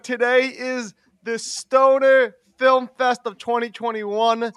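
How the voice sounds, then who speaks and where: A man's voice: very high-pitched, level tone, slow pace, few pauses, fairly bright tone, clear, resonant tone, dry recording. A young man co-hosting a podcast, rambling and giggly with lots of fillers. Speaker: podcast co-host. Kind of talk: casual chat.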